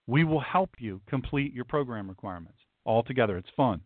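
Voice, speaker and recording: A man's voice: mid-range voice, expressive, brisk, no echo. A middle-aged man, a pastor hosting a talk show, gives an opinionated monologue. He talks emphatically and repeats lines for punch. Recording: tinny, dry phone-like sound.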